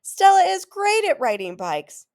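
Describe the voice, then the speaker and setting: A woman's voice: very high-pitched, big pitch swings, measured pace, darkish tone, pitched above the performer's own voice, full character voice. A woman reading aloud, voicing a wry, playful boy who looks out for his sister. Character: protective older brother, teasing.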